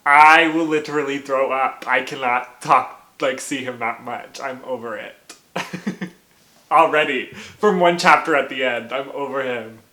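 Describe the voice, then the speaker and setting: A man vlogging about a novel he is reading, excitable and profane, bursting into yells and laughter. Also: medium pitch, a little slow, reverberant. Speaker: book vlogger. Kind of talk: reading vlog reactions.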